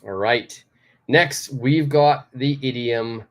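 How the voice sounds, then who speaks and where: A Canadian man with a medium-pitched voice speaks slowly as he teaches English idioms in a live online lesson. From his home studio in Tokyo, he explains patiently and repeats key phrases.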